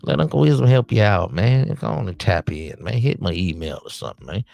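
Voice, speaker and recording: A man's voice: on the low side, very animated, fairly quick, creaky, darkish tone, no echo, soft background music. A man hosting a late-night podcast stream in a casual monologue, handing out streetwise, preachy advice to the young men he calls his nephews. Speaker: podcast host.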